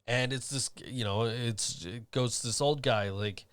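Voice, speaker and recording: This podcast host has a medium-pitched, fairly bright voice that's clear and resonant, and he keeps a measured pace. His storytelling is loose and rambling, sprinkled with plenty of fillers in a casual-chat style.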